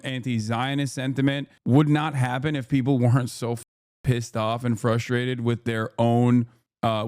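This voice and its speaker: A man's voice: mid-range voice, a little mellow, clear, resonant tone, dry recording, clean studio sound. A man giving blunt, profane live-stream commentary, speeding up when he reads text aloud.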